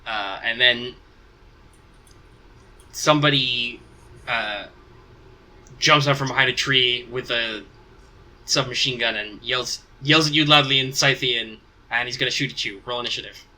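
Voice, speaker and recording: A man's voice: medium pitch, fairly even intonation, a little slow, pauses often, pushed and bright, low-quality recording. A man acting as game master, narrating a tabletop game in a casual, rambling way as he thinks aloud.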